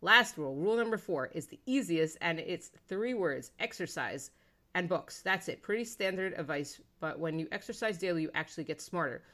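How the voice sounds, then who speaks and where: A woman's voice: lowish voice, animated, normal speed, fairly bright tone. A woman in a casual conversation reading a long online post aloud, with hesitant asides and slangy, profane phrasing.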